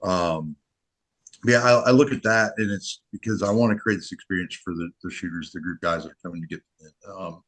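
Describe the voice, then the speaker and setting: Deep-voiced man talking earnestly. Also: fairly quick, a bit bright. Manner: earnest, rambling, many restarts. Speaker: match director. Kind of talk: casual podcast chat.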